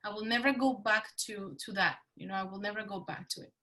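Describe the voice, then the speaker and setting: A middle-aged woman with a Spanish accent, speaking as a podcast guest in an animated, emphatic way that repeats phrases for effect. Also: mid-range voice, fast. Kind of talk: casual interview talk.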